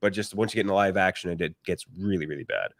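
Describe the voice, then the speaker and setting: A man co-hosting a movie podcast, with a deadpan fake ad read that turns into relaxed, opinionated chat. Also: low-pitched, racing, a little hiss or hum. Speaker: podcast co-host.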